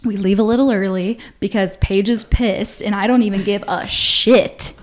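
A woman in her twenties, a podcast host telling a story in a casual, animated, profane way and acting out the voices of the people in it. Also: mid-range voice, normal speed.

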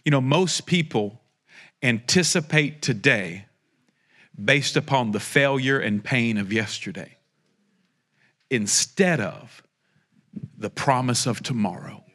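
A man preaches a prophetic sermon straight to his listeners, slow and fairly bright in tone, pausing often. He is impassioned, tosses in joking asides, and builds to a fervent pitch.

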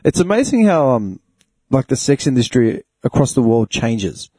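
Guy cracking up a lot, bouncy husky voice, quick crude jokes. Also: mid-range voice, big pitch swings, dark tone, dry recording. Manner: laughs often, short crude interjections. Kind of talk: casual podcast chat.

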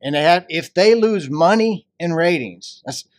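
Joking man, high-pitched. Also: expressive, a little slow, no room sound, clean studio sound. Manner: joking, laughs often. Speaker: podcast co-host. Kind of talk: casual banter.

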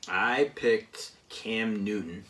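A man chatting casually, rambling and pausing with many fillers as he recounts a season of a football video game. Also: fairly low pitch, a bit bright, far from the mic. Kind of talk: casual chat.

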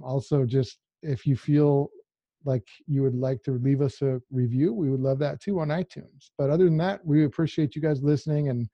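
A man's voice: mid-range voice, dark tone, dry recording, highs cut off. A man co-hosting a podcast, talking in a direct, emphatic, casual way. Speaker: podcast co-host.

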